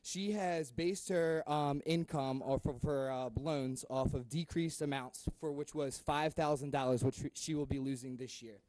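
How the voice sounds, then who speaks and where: A man's voice: a little high, fairly even intonation, unhurried, hardly any pauses, a little mellow, dry recording, rough recording. A young man, a school department head, giving an earnest, impassioned public comment with frequent ums. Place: public board meeting room.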